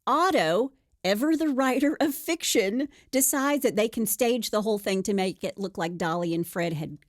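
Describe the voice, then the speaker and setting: A woman's voice: medium pitch, normal speed, dry recording, clean studio sound. A woman co-hosting a podcast, telling a true crime story casually and acting out the quotes with playful voices.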